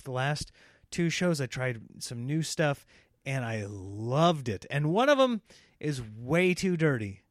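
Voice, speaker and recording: A man's voice: on the high side, dry recording. Rambling comedian man, dry close mic. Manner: rambling, self-interrupting, laughs at himself; mocks politicians in a put-on speech voice. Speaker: comedian podcast host. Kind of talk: rambling solo comedy podcast.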